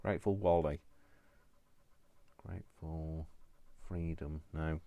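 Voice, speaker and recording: Crafting-vlog host, male, deep and slow, self-mocking running commentary, giggly. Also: steady tone, mellow, no room sound. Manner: talks to himself while working, rambling and self-mocking. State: prone to giggling fits. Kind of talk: casual crafting vlog narration.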